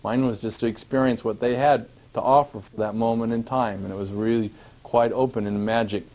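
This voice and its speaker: A man telling a personal travel story to an audience, animated and acting out scenes, laughing at his own tale. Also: medium pitch, fairly quick.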